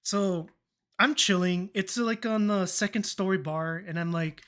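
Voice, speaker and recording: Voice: medium pitch, steady tone, a little slow, fairly bright tone. Young adult streamer telling rambling stories. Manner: rambling, laughing, swears, acts out quoted dialogue. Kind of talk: casual storytelling chat.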